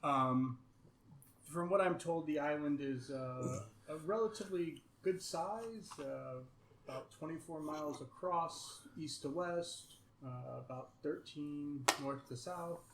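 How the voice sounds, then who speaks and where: A man voicing a stiff, cautious middle-aged male noble lord who speaks haltingly with many fillers, recorded in a roomy space. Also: a little high. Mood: guarded. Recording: roomy echo, faint noise.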